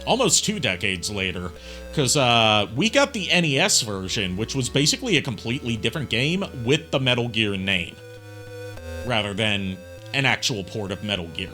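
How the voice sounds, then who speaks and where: Chatty, animated man streaming a game. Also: on the low side, moderate pace, soft background music. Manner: chatty, rambling, full of fillers and asides. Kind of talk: casual gaming stream commentary.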